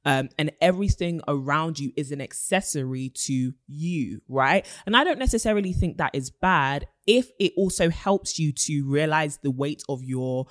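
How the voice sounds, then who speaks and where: A woman's voice: low-pitched, lively intonation, normal speed, hardly any pauses, no room sound, clean studio sound. A woman co-hosting a podcast, talking earnestly and with emphasis in a casual chat, with playful asides. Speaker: podcast co-host.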